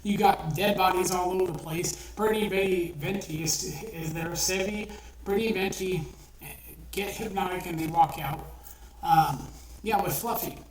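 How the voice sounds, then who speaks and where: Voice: medium pitch, a little slow. Rambling, profane storyteller on a distant mic. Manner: rambling, profane, many fillers and restarts. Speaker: online storyteller. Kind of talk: casual retelling of a self-written short story. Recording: roomy, distant mic with faint noise.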